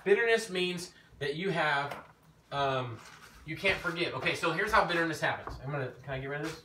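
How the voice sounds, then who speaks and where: A man preaching an informal teaching sermon, telling his own story in an animated way that rises when he gets emphatic. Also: a little high, fairly quick. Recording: echoey room, mic at a distance, faint background noise.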